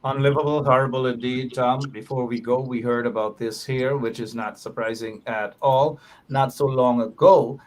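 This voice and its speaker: A man's voice: medium pitch, normal speed. A man hosting a political talk show, reading headlines aloud and repeating key phrases. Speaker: show host.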